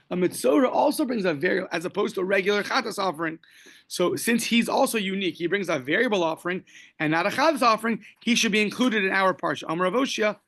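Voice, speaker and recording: High gravelly guy teaching talmud class, casual, tosses in jokes, quotes aramaic bits. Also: a bit bright. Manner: explains step by step, quoting Aramaic and Hebrew phrases; casual, joking asides.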